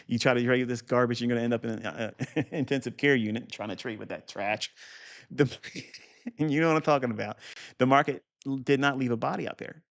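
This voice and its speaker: A man's voice: medium pitch, fairly even intonation, brisk, gravelly. A man teaching a live market review lesson in a blunt, profane, rambling way. He repeats key points for emphasis and talks straight at the viewer. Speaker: trading educator.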